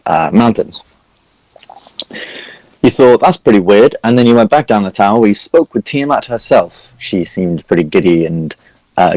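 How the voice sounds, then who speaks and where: Deep-voiced man narrating as game master. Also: a little mellow, no echo, rough recording. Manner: rambling, many fillers and self-corrections. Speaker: dungeon master. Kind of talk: narrating a tabletop game recap.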